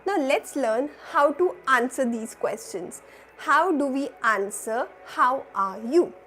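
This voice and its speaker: A woman's voice: high-pitched, lively intonation, slow, fairly bright tone. A woman teaching a live beginner French class, patiently repeating phrases for learners to echo and checking in with "right?" and "oui?". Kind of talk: live online language class.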